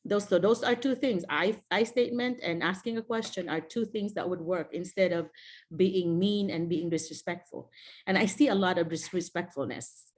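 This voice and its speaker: A woman's voice: lowish voice, normal speed. A middle-aged woman from the Philippines with a Filipino accent, a teacher mentor talking casually on a video call, telling classroom stories and often quoting people with a laugh. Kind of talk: casual Zoom talk to teachers.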